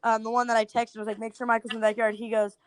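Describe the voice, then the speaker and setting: Rapid-fire and on the high side, with a little hiss or hum in the background, this young TikTok creator guests on a podcast telling prank stories. She's giggly and animated, performing what her friends said.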